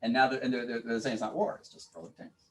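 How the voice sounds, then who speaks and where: A man teaching a class, arguing his opinions in an animated, informal way with many restarts. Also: mid-range voice, racing. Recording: voice from far off in a classroom.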